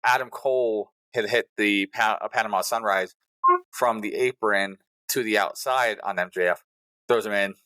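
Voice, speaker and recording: Man with a bright low voice recapping eagerly. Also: normal speed, no room sound. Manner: animated play-by-play recap, acting out quotes. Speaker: podcast co-host. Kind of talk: casual podcast chat.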